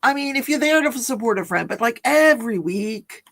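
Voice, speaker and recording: A woman's voice: fairly high pitch, expressive, normal speed, a bit bright. A chatty, giggly woman hosting a casual livestream, reading out viewer comments and reacting to them. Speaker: livestream host. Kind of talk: casual live-stream chat.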